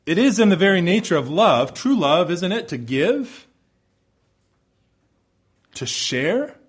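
A man preaching a sermon, building emphatic repeated phrases and dropping to hushed low endings. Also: big pitch swings, slow pace, husky. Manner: repetitive rhetorical build-ups.

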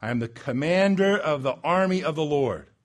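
A man preaching a sermon, building to loud emphatic peaks and dropping low and slow for weight. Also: lively intonation. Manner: dramatic swings in pitch and loudness, slows for emphasis.

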